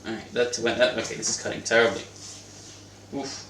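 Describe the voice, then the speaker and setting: A man's voice: medium pitch, steady tone, a little fast, a bit bright. A young man rambling and joking as he cooks in his home kitchen, chatting to his pet bird as he goes. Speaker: cooking vlogger. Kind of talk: casual cooking vlog. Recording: roomy echo, distant mic, faint noise.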